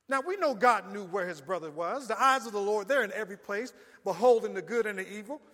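A man's voice: high-pitched, a little fast, few pauses, pushed and bright, in a large hall. A male pastor preaching a sermon in call-and-response style, often telling the congregation to listen.

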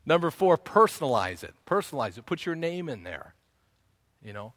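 A man preaching with a bright, forceful tone, earnest and teacherly, circling back to repeat his key phrases. His voice is close and dry with no room around it. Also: a little high, very animated, moderate pace, dry recording. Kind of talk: sermon teaching.

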